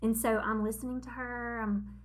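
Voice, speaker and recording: A woman in her forties, co-hosting a podcast, telling a story in a casual chat, animated and laughing at herself as she acts out what people said. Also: a little high, normal speed. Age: 40s. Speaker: podcast co-host.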